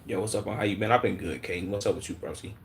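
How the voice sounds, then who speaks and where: A man streaming live, his voice sitting on the lower side. He talks bluntly with plenty of slang and swearing. He restarts his sentences as he thinks them through, with a faint hum of noise behind him. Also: very fast, vocal fry. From Chicago. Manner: blunt, heavy slang and swearing, calls the audience "gang" and "bro"; thinks aloud with many restarts and repeated words. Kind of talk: live-stream commentary reacting to chat.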